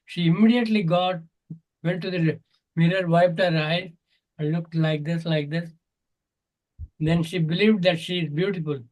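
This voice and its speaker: A man's voice: a little high, steady tone, moderate pace, pauses often, a little mellow, poor audio. An older man with an Indian English accent, a natural health teacher telling stories earnestly and acting out the dialogue. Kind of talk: storytelling advice in an online Q&A.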